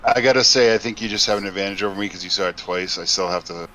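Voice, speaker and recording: Male podcast co-host, lowish voice, relaxed and hesitant. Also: quick pace, rough recording. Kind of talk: casual podcast chat.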